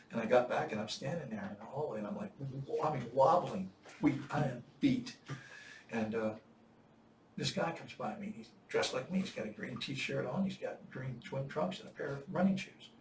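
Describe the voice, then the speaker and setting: A man's voice: mid-range voice, a little fast. Older man telling a story, echoey room. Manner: animated, acts out quoted voices with bursts of loud shouting. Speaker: Marine veteran storyteller. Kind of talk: casual storytelling. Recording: echoey room, distant mic, faint noise.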